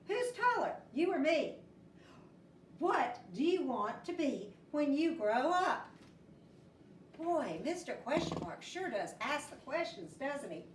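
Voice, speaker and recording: Animated woman teacher reading a storybook. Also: sits high, takes it slowly, roomy sound, distant mic, slight background noise. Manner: animated, expressive storybook voices for children. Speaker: first grade teacher. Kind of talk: reading a picture book aloud to children.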